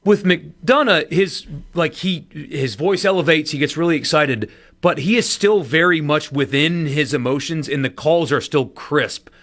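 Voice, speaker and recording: A man co-hosting a casual sports talk radio show, with a lively, animated delivery. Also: on the high side, unhurried, hardly any pauses. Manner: animated, lively inflection, runs winner and loser segment.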